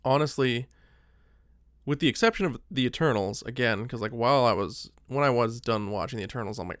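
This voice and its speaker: A man of middle pitch chats casually as a podcast co-host. He is animated, peppers his speech with "like", and acts out his own reactions as quoted lines. The recording is dry and close. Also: a little fast, no echo. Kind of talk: casual chat.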